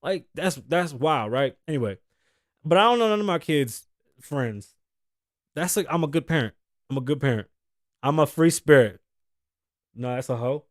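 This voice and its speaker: Brash, high-voiced man ranting. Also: lively intonation, moderate pace, long pauses, dry recording, studio quality. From United States. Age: 30s. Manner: profane, brash, opinionated. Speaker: podcast host. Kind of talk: solo comedic rant.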